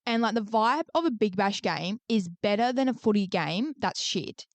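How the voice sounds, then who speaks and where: A woman's voice: medium pitch, expressive, moderate pace, no echo. A young Australian woman co-hosting a podcast, rambling and swearing casually as she chats with her friend. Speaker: podcast co-host. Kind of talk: casual chat.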